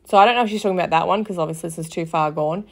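A woman's voice: lowish voice, very fast, vocal fry. A woman hosting a casual commentary podcast, talking in a loose, gossipy way with lots of fillers and swearing. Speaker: podcast host.

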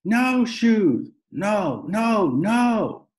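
A man's voice: sits high, very animated, unhurried, voice pushed up. A man voicing a small toddler boy who hollers and screams in a tantrum. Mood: screaming.

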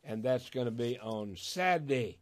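An older Southern-accented man from Arkansas, USA, runs a call-in radio program as a pastor, speaking in a mid-range voice that's animated and moderately paced. He's folksy and emotional, laughing often and stretching words for effect.

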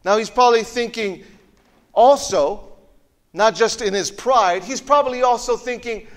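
A man's voice: very high voice, unhurried, in a large hall. A male pastor preaching a sermon in a church, telling the story animatedly and often repeating words as he goes. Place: church auditorium.

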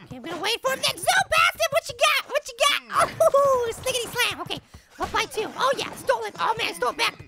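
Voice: very high-pitched, vocal fry, full character voice. A voice actor playing a tiny, cheeky cartoon apple who plays a basketball video game and trash-talks the opponents. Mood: excited trash talk. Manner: trash-talking, excitable, quick banter at the game. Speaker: gaming channel host. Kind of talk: cartoon character game commentary.

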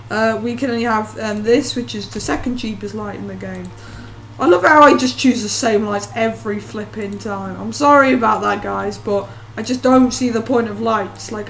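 A woman talks her way through a game, rambling and poking fun at herself with a jokey, offhand manner. Her voice sits a little high, with a faint noise floor behind it. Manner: rambling, self-mocking, jokey. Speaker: let's play host. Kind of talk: gameplay commentary.

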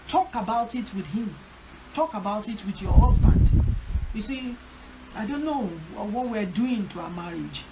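A woman's voice: medium pitch, normal speed. A woman pastor, urging her listeners in an emphatic, repetitive teaching talk on a prayer line. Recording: loud background noise.

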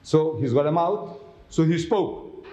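Male lecturer, slightly high voice, roomy hall sound, rhetorical questioning style. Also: lively intonation, slow pace, dark tone. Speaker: religious lecturer. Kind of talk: public lecture.

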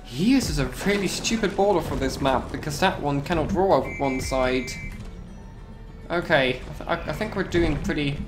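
A man giving casual gameplay commentary, excitable, repeating himself and yelping at sudden moments. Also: on the high side, normal speed, over music.

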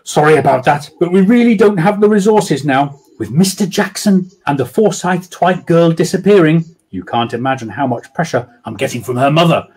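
A man voicing a tipsy, flustered village police sergeant who shouts in a high, panicky voice. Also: expressive, moderate pace, hardly any pauses, breathy edge. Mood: insistent.

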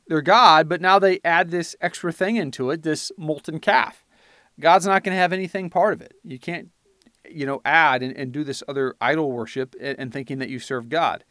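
A man's voice: medium pitch, a bit bright, no echo, studio quality. A man giving informal Bible teaching on a podcast, reading scripture aloud with rising emphasis and then explaining it in loose, filler-heavy talk.

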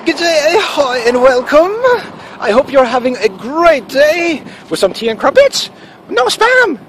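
A man voicing an exaggerated, cheery mock-posh British gentleman in a high, drawn-out sing-song tone. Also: big pitch swings, slight background noise, exaggerated voice. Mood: mock cheerful.

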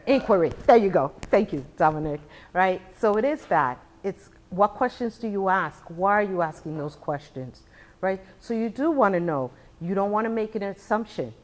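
A woman's voice: mid-range voice, normal speed. A woman in her sixties giving a live talk to small business owners, asking rhetorical questions and acting out what others say. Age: 60s. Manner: animated, rhetorical questions, acts out quotes. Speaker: speaker.

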